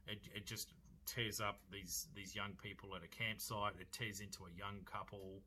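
A man's voice: on the low side, level tone, normal speed, pushed and bright, slight background noise. A man with an Australian accent reviewing a film in a chatty, rambling way with jokey asides.

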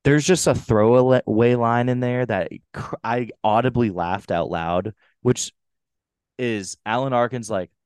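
Young man, podcast co-host, casual chat, animated, dry sound. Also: mid-range voice, unhurried, clean tone, no room sound. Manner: animated, acts out movie lines, swears casually.

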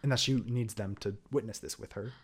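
A man's voice: lowish voice, fairly even intonation, fairly quick, slightly rough. A young man hosting a podcast, recapping a plot in a loose, rambling way full of "like" and "whatever". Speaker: podcast host.

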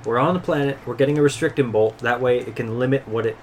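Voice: medium pitch, fast talker, slight background noise. A player at a tabletop game who swears freely and jokes in an exasperated way.

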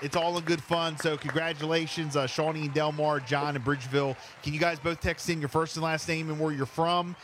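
A man's voice: on the high side, fairly even intonation, brisk, few pauses, fairly bright tone, slight background noise. A man hosting a call-in game show on the radio, upbeat and laughing easily.

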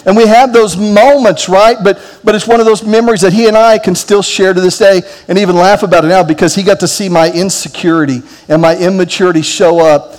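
High-voiced pastor preaching in a reverberant church. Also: male voice, fairly even intonation, a little fast, few pauses. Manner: self-deprecating storytelling with humor; drops to a soft, quiet tone for closing prayer. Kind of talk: sermon. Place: church sanctuary.

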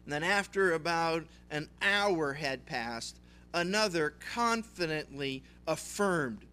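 A man's voice: fairly high pitch, lively intonation, slow, bright, forceful tone, smooth. A male pastor giving a conversational sermon, retelling scripture with acted voices. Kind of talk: expository sermon.

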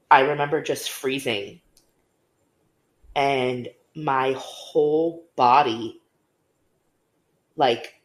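Young woman podcaster, candid and chatty, echoey room. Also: rumbling low. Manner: candid storytelling, many fillers. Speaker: podcast co-host. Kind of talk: casual conversation. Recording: roomy echo.

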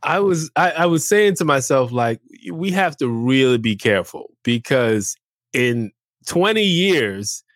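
A man in his fifties telling a story casually, animated and acting out what others said. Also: mid-range voice, measured pace, no room sound, clean studio sound. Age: 50s.

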